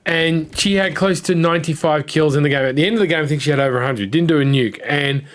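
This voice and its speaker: A man with a voice pitched a touch high gives casual gaming commentary. He rambles through a story with blunt opinions and the odd swear word. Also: quick pace. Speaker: gaming content creator.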